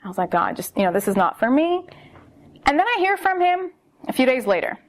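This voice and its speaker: A young woman tells a dating story straight to her camera in a casual vlog. She sounds exasperated and animated and leans on fillers. Her voice sits a touch higher than most. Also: fairly quick. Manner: exasperated, animated storyteller who repeats "like" and "seriously". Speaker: vlogger telling a dating story.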